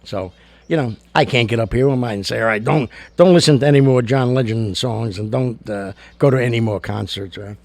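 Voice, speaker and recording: In a loose, talkative monologue, an older show host tells jokes and shares blunt views, leaning on plenty of fillers. He has a gravelly, slightly mellow mid-range voice, talks fairly quickly, and there's no echo.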